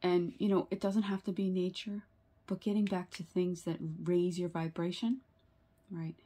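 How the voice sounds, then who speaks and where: A woman's voice: on the low side, flat delivery, normal speed, warm tone. A woman giving a tarot reading to her viewers, earnest and sympathetic, often asking "right?" and using fillers. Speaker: tarot reader.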